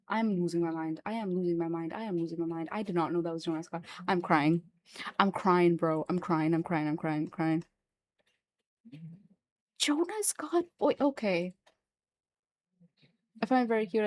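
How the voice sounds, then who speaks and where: A woman streamer and voice actor chatting live on stream, excitable and repetitive, swearing freely. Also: medium pitch. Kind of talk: casual livestream chat.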